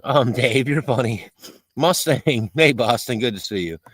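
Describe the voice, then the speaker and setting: A man's voice: mid-range voice, unhurried, a bit bright, no room sound. A middle-aged man chatting casually on a live stream while he cooks, reading viewer comments aloud and laughing often.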